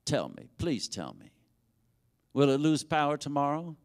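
A man's voice: on the high side, very animated, a little slow, clear, resonant tone. A man pastor preaching a sermon and leading a prayer, with rising intensity and fervent repetition. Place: church sanctuary.

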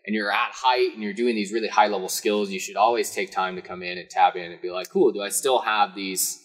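A man's voice: fairly low pitch, lively intonation, a little fast, vocal fry. A man co-hosting a casual podcast, giving easygoing training advice as a parkour coach. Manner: instructive, easygoing.

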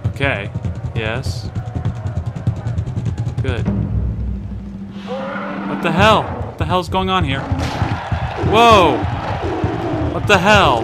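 A young man hosting a blind let's play, commentating excitably, swearing and yelling at the game as he plays. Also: a little high. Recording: loud game music behind the voice.

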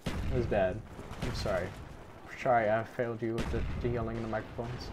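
Young male gameplay commentator, mid-pitched, self-mocking and rambling, clear game gunfire behind. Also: fairly even intonation, fairly quick, noisy background. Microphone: desk microphone.

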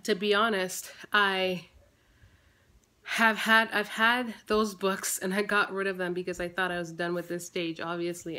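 A woman in her thirties with a mid-range, sharp voice gives a chatty, casual family vlog update. She rambles, restarting sentences and using fillers, and sounds slightly out of breath.

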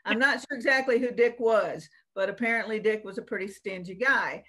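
A woman's voice: mid-range voice, a little fast, fairly bright tone. A woman, co-hosting a casual chat and telling folksy stories with lots of fillers. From Virginia / North Carolina. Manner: folksy storytelling with many fillers. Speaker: co-host.

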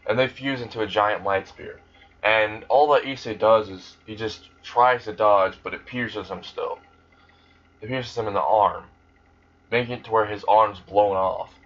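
A man's voice: lowish voice, fairly even intonation, a little slow, a bit bright. A young man casually retelling a fan story, rambling and swearing freely. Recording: dull lo-fi recording.

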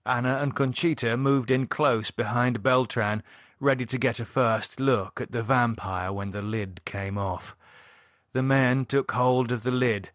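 A male audiobook narrator reading a horror novel in a measured, even way. His pitch is ordinary and mid-range, and the recording is close and dry with no room around it. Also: no room sound. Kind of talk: scripted narration.

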